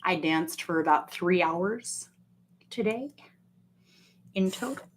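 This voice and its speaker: A woman's voice: fairly low pitch, slow pace, a little hiss or hum. A woman chatting casually on a livestream, rambling and swearing as she talks straight to her viewers. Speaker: livestream host.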